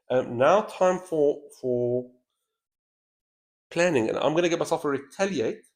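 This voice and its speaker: Man thinking aloud through a board game. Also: mid-range voice. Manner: thinks aloud, weighing moves. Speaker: host playing a solo board game. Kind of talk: casual game commentary. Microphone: headset mic with a straw-like boom.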